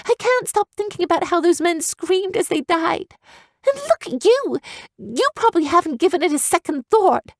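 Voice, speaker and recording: A woman reading an audiobook, voicing a headstrong young human girl raised among griffins, with high, strained, intense outbursts. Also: sing-song, normal speed, no room sound, clean studio sound, exaggerated voice. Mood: pleading.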